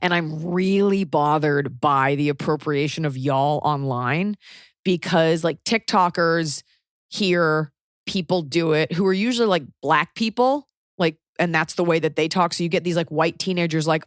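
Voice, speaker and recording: A woman's voice: low voice, normal speed, no echo, clean studio sound. A woman from Texas with a light Texan accent, hosting a podcast in casual, rambling chat full of fillers. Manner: chatty, lots of likes and fillers. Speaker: podcast host.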